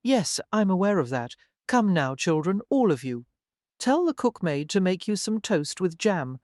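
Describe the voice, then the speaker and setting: An audiobook narrator voicing a bitter middle-aged mother who speaks crisply and with reproach. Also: mid-range voice, very animated, a little slow, a little mellow, no echo, clean studio sound. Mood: stern.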